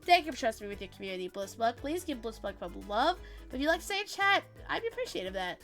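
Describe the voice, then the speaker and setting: A woman's voice: on the high side, big pitch swings, racing, fairly bright tone, soft background music. A woman VTuber streamer chatting casually while she plays, bubbly and playful, swearing freely as she greets her chat.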